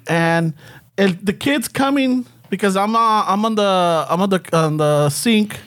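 High-voiced man telling a profane story. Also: a little slow, fairly bright tone. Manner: profane, mixes English and Spanish, laughs often. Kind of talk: casual storytelling banter.

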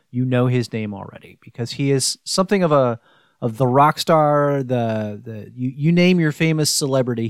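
A man's voice: medium pitch, no room sound. A man from New Jersey hosting a podcast, chatting enthusiastically with his guest and often restarting his sentences. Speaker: podcast host. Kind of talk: casual interview chat.

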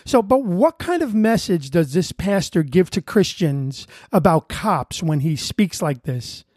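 Blunt co-host with a lively voice. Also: mid-range voice, a little slow, husky, no echo, studio quality. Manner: blunt, argues through rhetorical questions. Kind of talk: religious commentary discussion.

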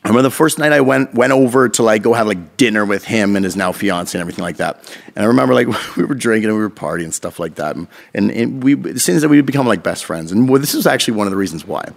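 A man rattles through a personal story on a casual podcast, acting out quoted dialogue between his own lines. He talks quickly and swears often, and his voice has a gravelly, fry-laden texture. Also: fairly low pitch, expressive.

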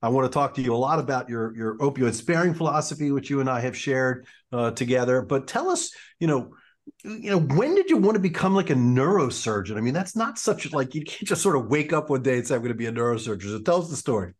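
A man's voice: medium pitch, big pitch swings, fast talker. Enthusiastic male podcast host. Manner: enthusiastic, repeats "I love it". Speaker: podcast host, orthopedic surgeon. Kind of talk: upbeat podcast interview.

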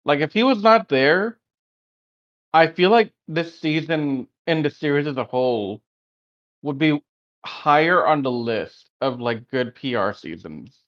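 A man's voice: on the high side, animated, unhurried. Blunt man on a dull lo-fi mic. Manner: opinionated, blunt. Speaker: podcast co-host. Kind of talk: casual review chat.

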